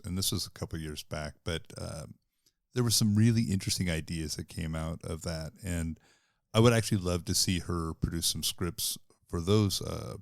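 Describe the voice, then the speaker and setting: A podcast cast member, a man chatting casually in a thoughtful, measured way, with fillers. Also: deep voice, gravelly, no echo, studio quality. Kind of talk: casual chat.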